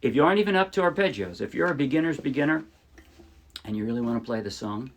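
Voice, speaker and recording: In a casual ukulele tutorial, a man explains things in a chatty, friendly way, often fixing himself mid-sentence, with his own ukulele playing behind him. His voice is mid-range, animated, and fast.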